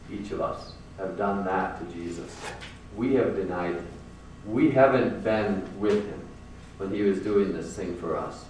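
Casting: earnest male preacher, low voice, recorded from a distance, casual sermon with repeated phrases. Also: darkish tone, a little hiss or hum. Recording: very echoey room from far off.

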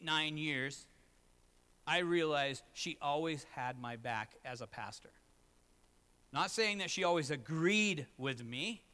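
Middle-aged pastor guy preaching, bright tense voice, pitched a bit high, gets loud then drops way down. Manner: swings between loud emphatic lines and low quiet asides. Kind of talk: sermon.

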